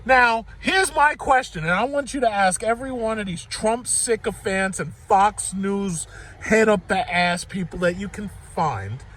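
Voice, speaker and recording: A man's voice: sits high, unhurried, fairly bright tone. A man vlogging from his car in traffic, ranting sarcastically and swearing about drivers and politics. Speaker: vlogger commenting while driving. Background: faint traffic noise.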